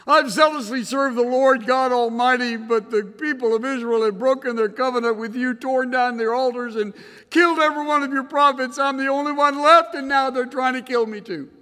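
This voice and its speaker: A man acting out an anxious male prophet who pleads his case in a rushed, rising complaint. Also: very high voice, steady tone, pushed and bright, pitched above the performer's own voice. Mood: aggrieved. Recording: reverberant hall.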